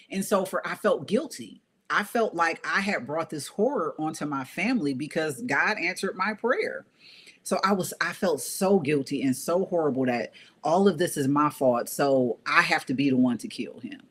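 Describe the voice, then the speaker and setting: A woman's voice: deep voice, lively intonation, moderate pace, a bit bright. A woman guest telling a personal story in a casual, earnest way, often repeating phrases for emphasis. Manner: conversational, with frequent fillers.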